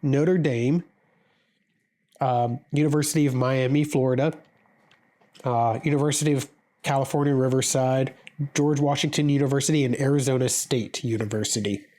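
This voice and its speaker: A man's voice: mid-range voice, steady tone, normal speed, mellow. Stuffy-nosed man with a cold. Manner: hesitant, repeats words, fillers. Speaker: podcast co-host. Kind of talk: casual sports podcast talk.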